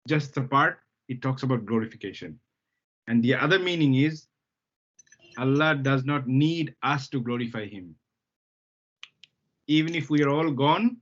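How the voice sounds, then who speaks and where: A male Arabic teacher runs a lesson at a steady middle pitch. He explains patiently, repeats the key words and keeps stopping to ask if everyone follows. The sound is dull and lo-fi. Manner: patient, repeats key terms, checks understanding with "okay?". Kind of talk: live language lesson.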